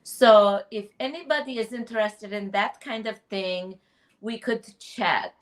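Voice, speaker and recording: A woman voicing her own prim, chatty alter ego with a vague put-on accent, introducing herself slowly and formally like a personal ad. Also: mid-range voice, natural voice. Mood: prim, sociable.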